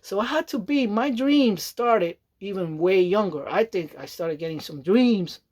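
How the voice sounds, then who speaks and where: In a medium-pitched, darkish voice, a woman speaks a little slowly but expressively as she vlogs. It's a loose, chatty, rambling monologue full of laughs and repeated checks of "you know what I mean."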